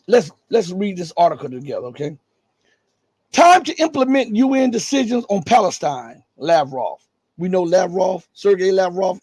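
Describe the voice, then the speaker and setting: Middle-aged male streamer, raspy and scratchy, pitched high, close and dry, pushes hard on rhetorical questions. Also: a little mellow, no echo. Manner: emphatic, full of rhetorical questions. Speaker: live-stream news commentator. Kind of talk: live news commentary.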